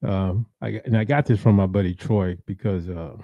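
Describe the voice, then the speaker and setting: A radio show host runs a blues and soul program as a casual live-stream chat, rambling and greeting listeners by name. His low-pitched voice moves at normal speed, with lo-fi sound and no room echo.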